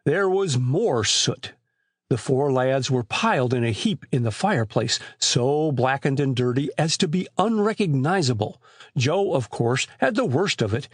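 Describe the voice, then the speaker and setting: Husky guy reading an audiobook, lively delivery, super dry close mic. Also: mid-range voice, a little slow, no echo. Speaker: audiobook narrator. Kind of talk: scripted narration.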